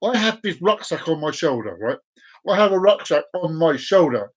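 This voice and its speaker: A man's voice: big pitch swings, normal speed. Ranting man. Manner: exasperated, ranting, swings between loud outbursts and low mutters. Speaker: livestream host. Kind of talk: ranting monologue.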